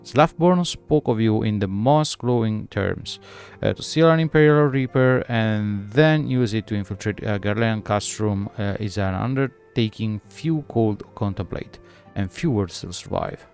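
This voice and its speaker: A man's voice: on the low side, vocal fry, a little mellow, soft background music. A man reading as a polite guild emissary. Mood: courteous. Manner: halting formal reading aloud. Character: courteous male guild emissary, polite and formal.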